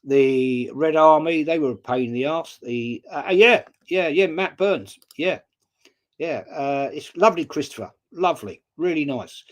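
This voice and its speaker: A man's voice: on the high side, expressive, unhurried. A man in his sixties from England hosting a live stream, casually chatting, greeting viewers by name and telling stories with mild swearing. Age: 60s. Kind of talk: casual chat reading viewer comments.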